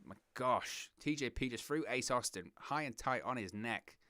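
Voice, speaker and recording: A young man from southern England with a southern English accent, hosting a wrestling watch-along with excitable play-by-play commentary. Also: medium pitch, normal speed, dry recording, clean studio sound. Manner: excitable play-by-play, giggles at puns, reads chat.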